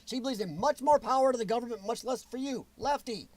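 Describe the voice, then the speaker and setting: A man with a high-pitched voice hosts a livestream talk show. He rants bluntly and answers viewer comments. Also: quick pace, darkish tone, dry recording. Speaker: show host reading chat.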